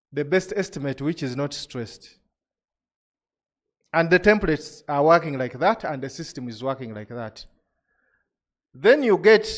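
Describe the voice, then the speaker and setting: A man presenting regulations to an industry audience, explaining step by step with frequent restarts. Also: fairly high pitch.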